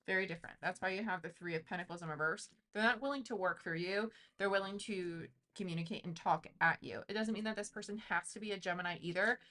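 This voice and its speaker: A woman's voice: lowish voice, fast, few pauses, bright, forceful tone. A woman giving a casual tarot reading, chatty and intuitive, thinking aloud with lots of fillers. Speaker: tarot reader.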